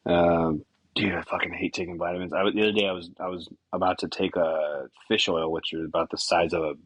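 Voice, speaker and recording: A man's voice: low-pitched, little pitch movement, fairly quick, a bit bright, no echo, poor audio. A man hosting a solo podcast, rambling casually with frequent swearing and tangents. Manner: casual, profane, scattered and self-interrupting. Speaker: podcast host.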